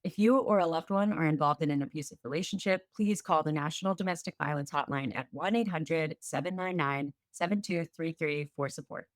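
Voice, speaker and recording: A woman reading a scripted program disclaimer in a measured, formal way. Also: low voice, no echo. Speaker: disclaimer announcer.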